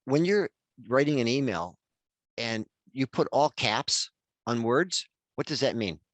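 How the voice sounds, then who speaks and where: A man's voice: medium pitch, animated, unhurried, no room sound. An older man in his sixties presenting a workshop over a video call, chatty and addressing attendees by name. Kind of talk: webinar workshop talk.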